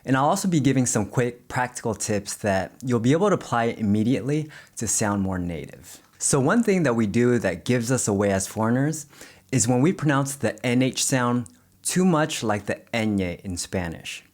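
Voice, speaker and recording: A man teaching language pronunciation, speaking slowly and carefully and modeling single words clearly. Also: mid-range voice, lively intonation, a little mellow. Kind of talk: explaining pronunciation to the camera.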